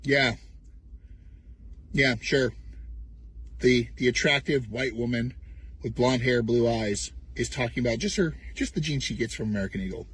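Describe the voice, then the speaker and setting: A man's voice: medium pitch, moderate pace, husky. A man in a played online clip, ranting sarcastically and mocking his opponents. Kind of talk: sarcastic social media rant.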